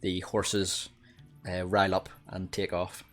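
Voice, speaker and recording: A man's voice: low-pitched, completely flat delivery, slow pace, soft background music. A Northern Irish man narrating a tabletop game as game master, with many hesitations. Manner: hesitant, many uhs, breaks into laughter.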